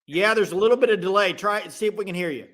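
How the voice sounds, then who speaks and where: A man hosting a casual sports podcast with live call-ins, talking in animated bursts with quick restarts. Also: high-pitched, music in the background.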